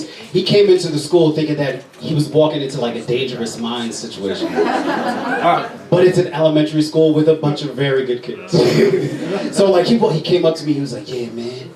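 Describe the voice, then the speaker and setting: A young man works through a loose stand-up set, swearing freely and padding his lines with filler words. His voice sits a little high. He is caught from far back in an echoey club, with the audience laughing all around him. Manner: loose, rambling, profane, many fillers. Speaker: stand-up comedian. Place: comedy club stage.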